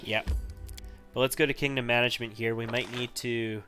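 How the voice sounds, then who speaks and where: A man's voice: mid-range voice, steady tone, moderate pace, sharp tone, soft background music. A man giving casual commentary while he plays a role-playing video game, chatty and thinking aloud. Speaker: let's-play host.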